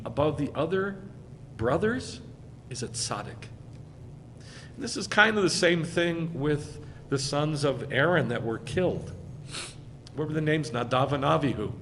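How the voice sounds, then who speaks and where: A male rabbi giving a sermon in an American accent, conversational and emphatic, swinging between loud and quiet. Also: mid-range voice, long reverb tail, a little hiss or hum. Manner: emphatic, conversational preaching with wide swings in loudness. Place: congregation hall.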